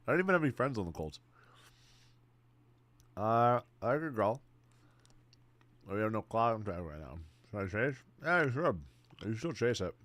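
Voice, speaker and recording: Speaking in a voice on the low side with no room sound, a young streamer answers his live chat in an excitable, casual manner. He curses freely and addresses everyone as "bro."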